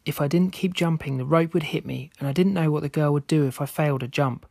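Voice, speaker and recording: Man, storyteller, scripted narration, measured delivery, slightly high pitch, dry recording. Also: creaky, a little mellow, dry recording.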